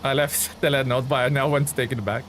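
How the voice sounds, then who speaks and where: A man's voice: mid-range voice, steady tone, quick pace, a bit bright, a little hiss or hum. A young man streaming a driving game, chatting casually and answering viewers' comments as he plays. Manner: chatty, reads chat aloud and answers viewers.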